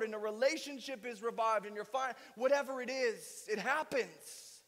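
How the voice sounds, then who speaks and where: A man's voice: very high-pitched, normal speed, hardly any pauses, fairly bright tone, in a large hall. A male pastor preaching a sermon with emphatic delivery and strings of rhetorical questions. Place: church sanctuary.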